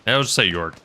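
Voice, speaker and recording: Rambling through a gaming livestream full of fillers, a man reads chat messages aloud in a mid-range voice with a bright, forceful tone. He's a game streamer and helicopter pilot.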